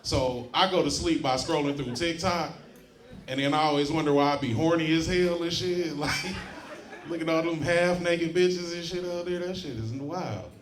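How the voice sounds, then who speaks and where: Loud laughter fills a roomy club as a man with a fairly high voice works through a brash, profane stand-up routine for a live audience. He speaks at a normal speed and often cracks up at his own material.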